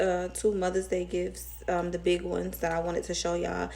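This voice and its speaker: A woman's voice: fairly low pitch, monotone, moderate pace, gravelly, dark tone. A young woman with a Southern US accent, rambling emotionally in a casual storytime vlog. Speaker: vlogger.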